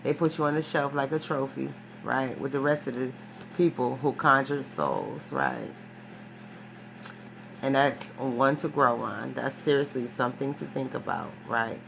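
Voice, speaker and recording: Against a noisy background, a low-voiced woman with vocal fry unhurriedly rambles through a casual tarot reading. She tells it in an animated, emphatic, profane way, restarting often and ending phrases with a questioning "right?"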